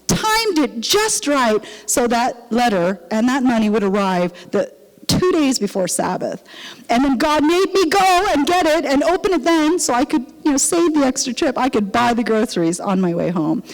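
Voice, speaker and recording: Older woman telling a lively church testimony. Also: high voice, a little slow. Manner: animated storytelling, acts out quoted dialogue. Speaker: missionary speaker. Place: church sanctuary. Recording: long reverb of a church hall.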